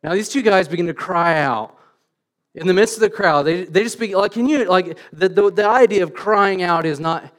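A middle-aged man preaching a sermon in church, telling stories with animated, self-deprecating humor and frequent restarts. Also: high voice, fast. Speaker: pastor.

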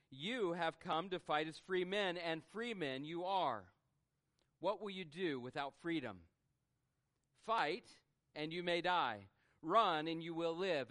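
A man's voice: on the high side, fairly bright tone. A man quoting a defiant male warrior leader rallying his troops, declaiming without a brogue.

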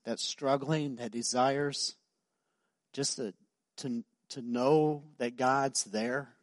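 A man's voice: mid-range voice, fairly even intonation, slow, no room sound. A middle-aged man pastor preaching a sermon, emphatic and repetitive, telling stories in a conversational way.

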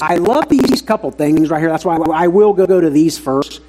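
Male preacher with a slightly raspy, higher voice, earnest and emphatic to his church. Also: expressive, a little fast, hardly any pauses, dark tone, rough recording. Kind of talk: sermon.

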